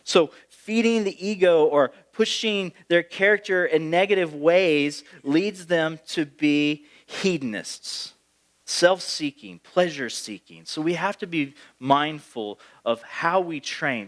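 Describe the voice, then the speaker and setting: A man's voice: on the high side, a bit bright. A man, the pastor, preaching a sermon in a conversational way, with asides and playful impressions of parents.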